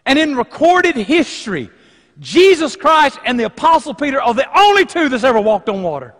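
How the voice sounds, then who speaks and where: Male pastor, high-pitched, dynamic pulpit delivery in a reverberant church hall. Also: very animated, moderate pace. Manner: dynamic preaching, swinging between loud emphasis and hushed lines. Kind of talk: sermon. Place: church sanctuary.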